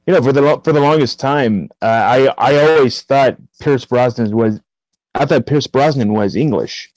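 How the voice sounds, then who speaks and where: A man co-hosts a podcast in easygoing conversation, often pausing on "uh" and restarting his sentences. His voice has an ordinary pitch, and the recording is dry and close. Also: darkish tone, no room sound, rough recording. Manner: hesitant, many "uh" and restarts. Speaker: podcast co-host. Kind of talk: casual chat.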